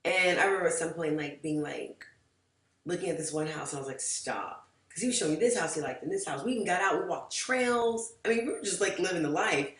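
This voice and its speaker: Animated, foul-mouthed woman telling a story. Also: fast talker, far from the mic. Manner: animated and profane, swinging between loud outbursts and low, soft asides. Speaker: vlogger telling a personal story. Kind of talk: casual storytime monologue. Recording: roomy echo.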